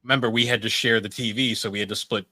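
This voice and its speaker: A man co-hosting a casual podcast, rambling through his stories and chuckling at his own jokes. His voice sits at an ordinary middle pitch. The sound is dry and close, with no room echo. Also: fairly even intonation, fast talker, pushed and bright. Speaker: podcast co-host. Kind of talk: casual chat.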